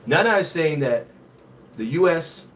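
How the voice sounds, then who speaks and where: A man's voice: on the high side, lively intonation, a little slow, a bit bright. Young man, livestream host, reads comments, mixes in Haitian Creole, distant mic, faint noise. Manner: reads viewer comments aloud, switching between English and Haitian Creole. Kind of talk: casual livestream chat reading comments.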